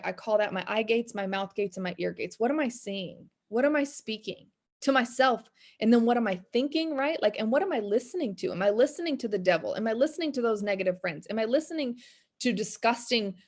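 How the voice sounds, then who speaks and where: A woman in her thirties, a business coach, talking candidly and rambling about faith and discouragement. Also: fairly high pitch. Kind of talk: casual motivational talk. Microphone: video call.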